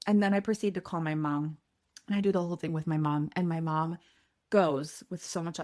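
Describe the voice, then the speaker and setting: A woman in her thirties hosting a podcast, telling a personal story in a candid, animated way and quoting people in lively voices. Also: on the low side, normal speed. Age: 30s. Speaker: podcast host.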